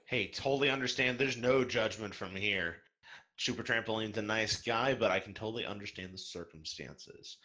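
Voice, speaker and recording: A man's voice: fairly low pitch, normal speed, bright, forceful tone. A man hosting a podcast, reading listener questions aloud with upbeat, playful emphasis. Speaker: podcast host.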